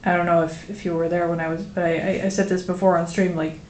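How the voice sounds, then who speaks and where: A woman's voice: lowish voice, little pitch movement, quick pace, a little mellow. A woman with a Dutch accent chatting casually with viewers on a live stream, rambling with lots of fillers. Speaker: streamer drawing a graphic novel. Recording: roomy echo with faint noise.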